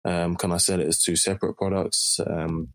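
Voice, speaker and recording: Deep flat-voiced London man, hesitant. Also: moderate pace. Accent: London English. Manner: hesitant, many fillers. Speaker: caller. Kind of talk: recorded listener question.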